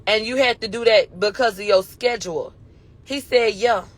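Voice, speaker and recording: A woman's voice: mid-range voice, normal speed. A woman retelling courtroom testimony in casual, slangy storytelling, quoting back and forth in a he-said chain. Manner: animated, slangy, retells quotes in a running he-said chain. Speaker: commentator recapping a trial.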